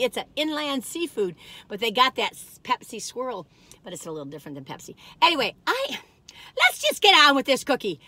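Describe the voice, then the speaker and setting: Sitting in a parked car, a woman vlogger reviews cookies in a folksy, rambling chat that drifts off topic. Her voice sits high, bright and forceful, and the recording is dry.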